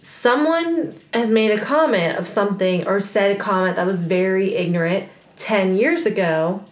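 A woman's voice: medium pitch, moderate pace. Chatty young woman in a roomy space. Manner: chatty, laughing, frequent "like" fillers. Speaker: co-host. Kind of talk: casual chat. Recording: roomy echo.

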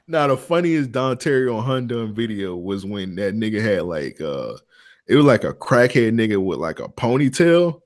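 A man's voice: lowish voice, lively intonation, measured pace. A man co-hosting a podcast, telling loose slangy stories and laughing often between lines. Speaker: podcast co-host. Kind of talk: casual podcast banter.

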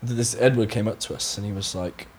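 A man's voice: lowish voice, fairly even intonation, darkish tone, slight background noise. Young man with a light Somerset accent. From Somerset, England. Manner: chatty, storytelling, quick to laugh. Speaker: guest musician. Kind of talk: casual podcast chat.

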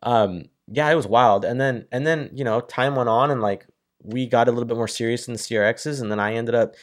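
A man in his thirties from Northern California, chatting casually and telling animated stories with casual swearing. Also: mid-range voice, brisk. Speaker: guest. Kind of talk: casual chat.

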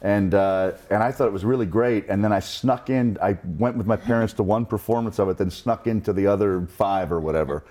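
A middle-aged man from New Jersey, chatting as a podcast guest. His voice sits low, and he tells his stories in a wry, self-deprecating way. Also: brisk, few pauses, mellow. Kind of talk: casual interview storytelling.

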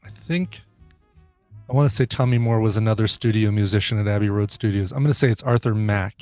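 A man's voice: lowish voice, fast, a little mellow, dry recording, soft background music. A man co-hosting a casual podcast, thinking aloud through quiz answers with a hesitant, musing way.

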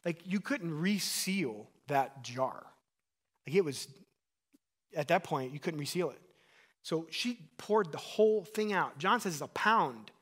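A man in his thirties preaching a sermon with a slightly higher voice than most men. He talks to the congregation in an earnest, conversational way, throwing in asides and questions as he goes. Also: expressive, a little slow, a bit bright. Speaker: pastor.

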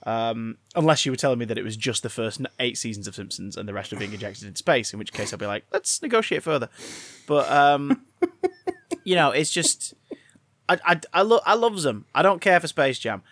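A man co-hosting a podcast, chatting casually, swearing freely and getting loudly excited as he goes. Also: mid-range voice, a little fast, dry recording. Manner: animated, swears freely, breaks into exaggerated excited outbursts. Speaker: podcast co-host.

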